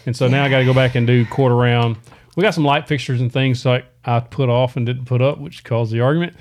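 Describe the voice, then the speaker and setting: A man's voice: mid-range voice, fairly even intonation, fast talker, darkish tone. A middle-aged man co-hosting a live stream, easygoing and chuckling as he reads viewer comments and gives practical advice. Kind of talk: casual chat, answering viewer questions.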